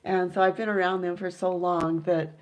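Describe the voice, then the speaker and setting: A woman's voice: fairly low pitch, flat delivery, normal speed, muffled recording. A woman chatting casually with her viewers about her pet owl, enthusiastic and full of fillers, now and then imitating owl hoots. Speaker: owl keeper and vlogger.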